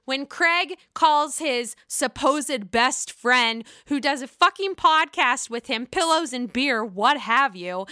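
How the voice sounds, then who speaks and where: A woman with a Pittsburgh accent hosting a casual gossip show about reality TV, excitable, gushing and swearing freely. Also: sits high, clear, resonant tone, dry recording, clean studio sound. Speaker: host.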